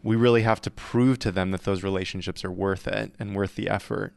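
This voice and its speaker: A man co-hosting a podcast on youth ministry, talking through his points in an earnest, measured way. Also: deep voice, fairly even intonation, creaky, clear, resonant tone, dry recording. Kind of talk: casual podcast discussion.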